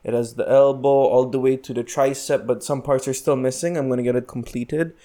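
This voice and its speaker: A man's voice: mid-range voice, steady tone, brisk, warm tone. A young man from the Philippines, casually telling a story on a podcast and filling it with "like". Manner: chatty, lots of "like" and restarts.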